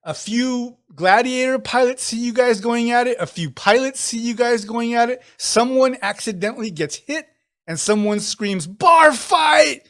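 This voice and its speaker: A man running a tabletop game with a high voice, animated and quick to laugh. He tells the fight blow by blow, often repeating words as he goes. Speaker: game master.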